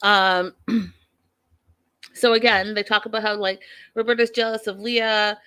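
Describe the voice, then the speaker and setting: A woman's voice: medium pitch, little pitch movement, measured pace, sharp tone, clear, resonant tone, no room sound. A woman hosting a reality TV recap show, giving her opinions in blunt, outspoken, emphatic casual talk.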